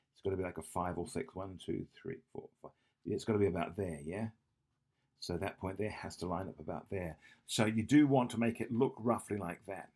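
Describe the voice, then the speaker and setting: Deep-voiced math tutor man, thinking aloud. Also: a little mellow, slightly rough. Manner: thinking aloud, self-correcting, frequent "yeah?" checks. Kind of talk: whiteboard exam walkthrough.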